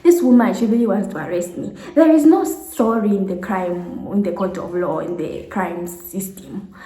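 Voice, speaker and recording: A woman's voice: medium pitch, moderate pace, mellow. A young woman in her twenties tells a storytime vlog with lots of animation. She acts out the people in her story and laughs often. Her voice rings in a roomy, echoey space. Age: 20s. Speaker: vlogger.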